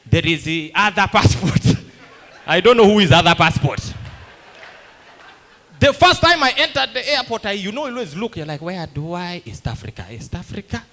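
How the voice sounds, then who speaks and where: A man's voice: high voice, moderate pace. A man doing a stand-up comedy set, telling stories and acting out the voices of other people. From Uganda. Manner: animated storytelling that acts out other people's lines.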